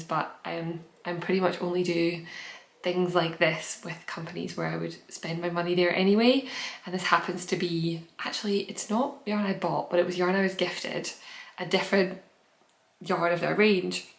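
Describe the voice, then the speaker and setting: Chatty woman with a gravelly voice. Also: lowish voice, fairly bright tone. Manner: rambling, self-interrupting, candid. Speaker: knitting podcast host. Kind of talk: casual chat to camera. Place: home room in fading daylight. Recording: echoey room.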